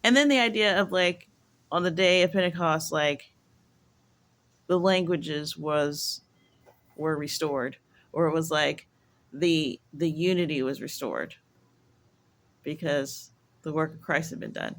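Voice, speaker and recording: A woman's voice: low voice, unhurried, long pauses, a bit bright. A woman talking to camera in a casual, rambling vlog monologue, musing aloud and filling her sentences with "like.". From United States. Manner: rambling, musing, heavy use of "like". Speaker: vlogger.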